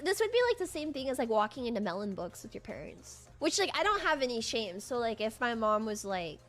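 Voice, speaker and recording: A young woman chatting casually, rambling with lots of "like" and restarts in a deadpan way. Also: a little high, fairly quick. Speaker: streamer guest. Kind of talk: casual chat.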